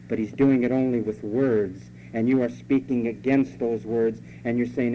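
A man's voice: mid-range voice, fairly even intonation, moderate pace, hardly any pauses. Man preaching in a scolding, conversational way. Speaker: pastor. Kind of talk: sermon. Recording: dull lo-fi recording with faint hum.

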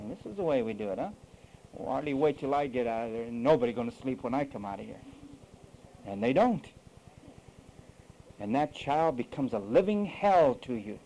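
A man's voice: high-pitched, dark tone, rough recording. A male preacher delivering an emphatic sermon full of rhetorical questions.

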